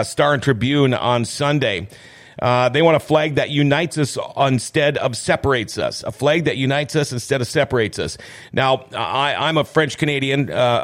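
A man hosting a talk show in a small studio, chatting through the news with opinions and plenty of filler words. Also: mid-range voice. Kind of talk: casual news commentary.

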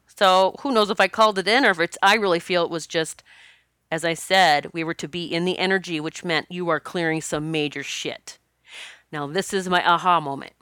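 A woman's voice: lowish voice, a bit bright, smooth, no echo, clean studio sound. A woman talking to camera in a casual, confessional way, rambling and laughing as she goes. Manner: chatty, laughs often, rambling restarts. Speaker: spiritual vlogger.

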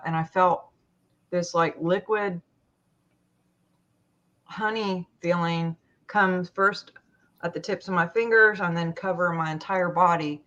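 A woman with a slightly low voice tells her own story in a group talk. She hesitates a lot and restarts her sentences, and the sound is dull and lo-fi. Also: steady tone, fairly bright tone. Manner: halting, full of fillers and restarts. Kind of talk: personal story in a discussion.

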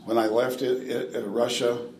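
A man's voice: medium pitch, flat delivery, normal speed, darkish tone, a little hiss or hum. A man from the United States giving a classroom Bible lecture in a conversational way, with fillers, asides and questions to the class. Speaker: Bible teacher.

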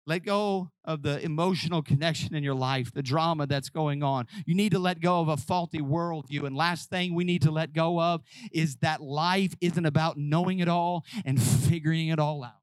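A man preaching a sermon, acting out Bible scenes in voices and swinging from hushed, close talk to shouting. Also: on the high side, steady tone, normal speed, clean tone, no room sound. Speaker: pastor. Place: church hall with congregation.

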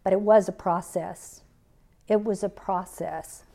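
A woman's voice: mid-range voice, steady tone, a little slow, vocal fry, mellow. Earnest woman sharing a faith story. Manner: earnest, personal storytelling with scripture quotes. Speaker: podcast host. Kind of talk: faith-based podcast talk.

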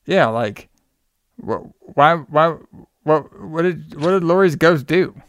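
A man's voice: fairly high pitch, animated, slow, no echo, studio quality. A man casually recapping a film plot for a podcast, rambling with fillers and playful asides. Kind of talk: casual movie recap chat.

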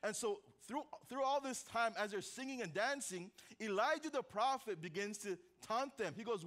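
A young man preaches a sermon with a high, light voice. He tells the story with energy, dropping to a near-hush and then rising again, and keeps tossing in casual, joking asides to the congregation. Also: brisk, hardly any pauses. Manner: animated storytelling, swings from loud to hushed. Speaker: pastor.

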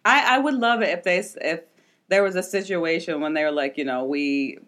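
A woman co-hosting a podcast in casual comedic chat, sardonic and animated, stretching out her words. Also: fairly low pitch. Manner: animated, sardonic, drawn-out phrasing. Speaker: podcast co-host.

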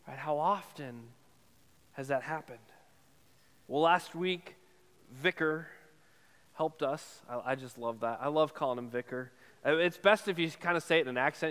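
A man's voice: a little high, normal speed, fairly bright tone, in a large hall. A male pastor preaching a sermon in an earnest tone, often checking in with "right?". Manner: earnest, repeatedly asks "right?".

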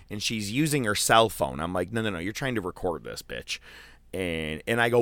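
A man telling a profane, animated story in casual chat, acting out the voices of the people in it. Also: sits low, a little fast, no room sound. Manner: profane, animated, acts out quotes.

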